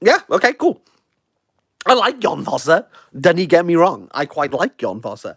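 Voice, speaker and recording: A Welsh man, a book reviewer, reacting live with excitable, jokey, self-mocking chat. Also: on the high side, a little slow, slightly rough, dry recording, clean studio sound. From Wales.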